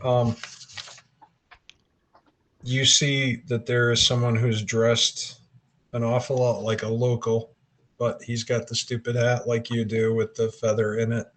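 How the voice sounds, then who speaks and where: A man's voice: medium pitch, level tone, measured pace, pauses often, fairly bright tone. A man running a tabletop game as game master, describing scenes with frequent hesitations.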